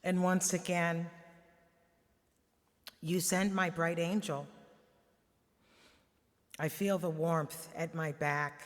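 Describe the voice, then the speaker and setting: A man giving a solemn, hushed devotional reading at a Good Friday service, tender and sorrowful. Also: fairly high pitch. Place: church. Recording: long church reverb.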